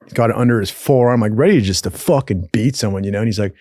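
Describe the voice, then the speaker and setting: A man's voice: on the low side, fast, no room sound. Profane storytelling young man, dry close mic. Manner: profane, animated, acts out other people's lines. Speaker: podcast host. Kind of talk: casual storytelling.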